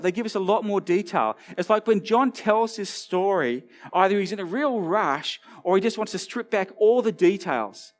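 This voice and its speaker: A man preaching a sermon in a church, animated and storytelling, dropping low and quiet for emphasis. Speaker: pastor.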